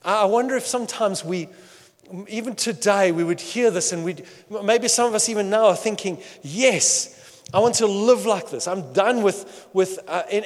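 A man preaching a sermon as pastor, animated and playful, acting out quoted voices with bursts of laughter and shouting. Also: high-pitched, in a large hall.

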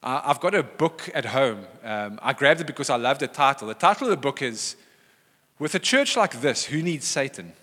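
Male preacher, lively and bright, big swings in pitch, echoing church hall. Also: normal speed. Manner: animated, acts out quoted voices. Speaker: pastor. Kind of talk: sermon.

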